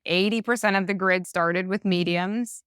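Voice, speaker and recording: Smooth-voiced woman chatting casually. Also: mid-range voice, fairly even intonation, fairly bright tone, no echo, studio quality. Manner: chatty, drawn-out, many fillers. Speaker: podcast co-host. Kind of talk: casual sports chat.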